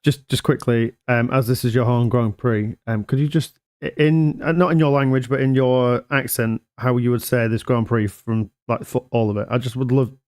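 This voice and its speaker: A man's voice: medium pitch, steady tone, moderate pace, few pauses, a little mellow, no room sound, clean studio sound. A man hosting a casual sim racing league interview, asking chatty, joking questions with lots of ums. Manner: chatty, jokey, filler-heavy questions. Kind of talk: casual post-race interview.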